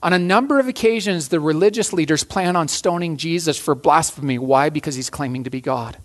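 A man with a fairly high voice preaching a sermon. He talks in an earnest way, restarts phrases and repeats key lines for weight. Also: fairly quick. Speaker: pastor.

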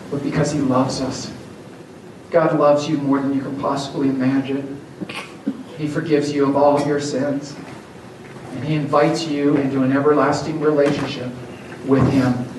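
A man preaching a sermon as pastor, telling a story and then urging his listeners earnestly. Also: mid-range voice. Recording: echoey hall, distant mic, audible background noise.

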